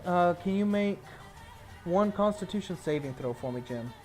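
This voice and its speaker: A man's voice: high-pitched, expressive, moderate pace, darkish tone, faint music behind. A man narrating a tabletop game as game master, mixing rules talk with casual descriptions of a fight.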